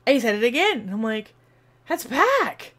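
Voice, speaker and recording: A woman streamer telling a rambling, animated story to her viewers, acting out the voices as she goes. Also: on the high side, rapid-fire. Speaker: streamer and video host.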